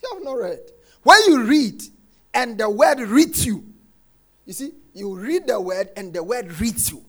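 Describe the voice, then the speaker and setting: A man preaching a sermon, quoting scripture and repeating his refrain, dropping soft and then shouting. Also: high-pitched, lively intonation, moderate pace. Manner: emphatic, repeats phrases, swings between soft and shouted lines; quotes scripture, acts out congregants' complaints.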